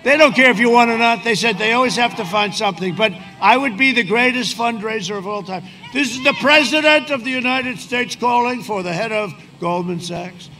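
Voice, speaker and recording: An older man giving a boastful, rambling campaign speech at an outdoor rally, repeating himself and shouting to the crowd. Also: very high-pitched, brisk, hardly any pauses. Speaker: politician speaking at a rally. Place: outdoor rally on a windy day. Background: loud cheering crowd.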